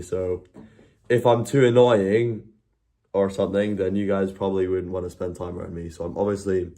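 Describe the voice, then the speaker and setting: Deep-voiced man, rambling. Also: mellow. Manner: rambling, laughing, swears casually. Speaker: streamer. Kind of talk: casual live-stream chat.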